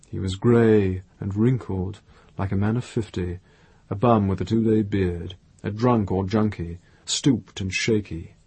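A male narrator reads fiction aloud at an unhurried, measured pace. His voice sits low and sounds husky and breathy. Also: darkish tone, no room sound. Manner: slow, measured reading. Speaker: audiobook narrator. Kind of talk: scripted narration.

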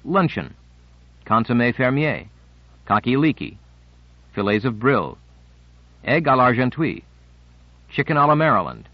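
A man giving scripted audiobook narration in a measured, unhurried reading. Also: mid-range voice, sing-song, no echo. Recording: dry, slightly muffled studio recording.

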